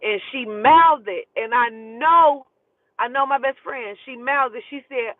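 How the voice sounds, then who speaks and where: A woman's voice: fairly high pitch, a little slow, no echo. A woman telling a personal story in casual talk, blunt, profane and emotional. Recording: tinny phone-like dry sound.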